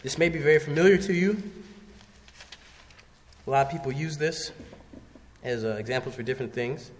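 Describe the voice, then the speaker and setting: A man preaching a sermon, telling the story in a lively way and acting out voices. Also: on the high side, normal speed, slight background noise. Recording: long reverb from a large hall.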